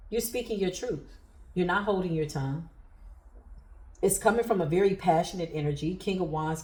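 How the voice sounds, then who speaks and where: A woman's voice: lowish voice, warm tone. Emphatic woman tarot reader, echoey room. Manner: emphatic, preacher-like cadence. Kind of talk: spiritual tarot reading.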